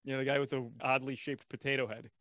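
A man's voice: medium pitch, level tone, quick pace, a bit bright, no room sound. A man co-hosting a horror podcast, dry and sarcastic in casual chat. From Buffalo, New York. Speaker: podcast co-host.

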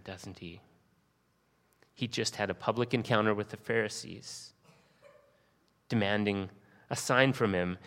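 A man with a fairly low voice preaches a sermon. He is earnest, reads scripture aloud and leans on rhetorical questions. His words ring out with the long reverb of a church sanctuary. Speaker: pastor.

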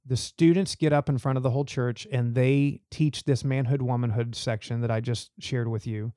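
A man's voice: mid-range voice, steady tone, moderate pace, dark tone, no echo, studio quality. A man talking earnestly as a church youth leader in an interview, telling stories to make his points. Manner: earnest, storytelling. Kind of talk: podcast interview.

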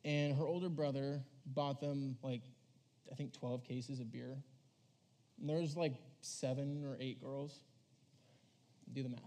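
A man's voice: medium pitch, steady tone, a little slow, pauses often, dark tone. A young man giving a casual storytelling sermon to a youth crowd, rambling and filling his talk with "like" as he acts out quoted voices. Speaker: youth preacher.

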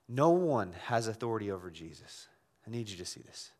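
A man's voice: medium pitch, expressive, fairly quick. A man pastor preaching an impassioned sermon, pressing his listeners with rhetorical questions. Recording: long hall reverb.

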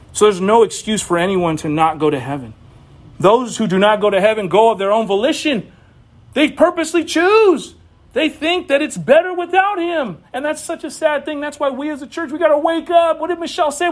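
A young man preaching a sermon, animated, with bursts of raised voice. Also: extremely high pitch, moderate pace. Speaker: pastor.

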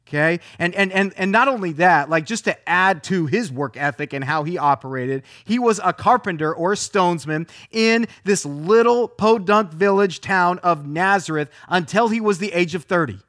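Guy pastor with a pretty high voice, preaching, repeats himself a lot, lots of rhetorical questions, dry close sound. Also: normal speed, hardly any pauses, fairly bright tone, no echo. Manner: emphatic, repeats phrases, asks many rhetorical questions. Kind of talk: sermon.

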